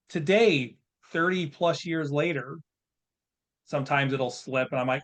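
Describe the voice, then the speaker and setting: A man's voice: mid-range voice, fairly even intonation, normal speed, a bit bright. A man in his fifties, a podcast guest, telling a story in a frank, plain-spoken, self-reflective way.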